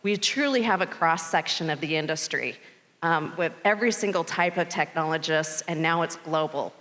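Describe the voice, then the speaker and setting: Middle-aged woman, lowish voice, storytelling conference welcome, big hall reverb. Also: moderate pace. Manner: storytelling, animated when quoting the robot. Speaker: board chair giving conference welcome. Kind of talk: conference speech. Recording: long reverb of large hall.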